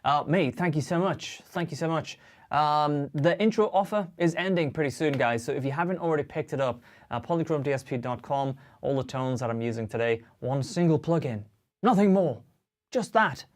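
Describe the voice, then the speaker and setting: A man's voice: fairly high pitch, normal speed. A young man hosting a guitar livestream, chatting casually and cheerfully with viewers and reading out their comments. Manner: chatty and upbeat, greets viewers and reads chat aloud. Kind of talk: casual live-stream chat.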